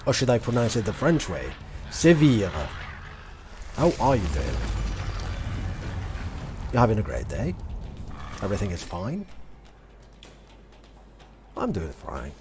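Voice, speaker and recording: A man's voice: fairly low pitch, wildly swooping pitch, measured pace, pauses often, noisy background. A man doing casual live gameplay commentary, chatty and greeting his viewers by name. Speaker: game streamer.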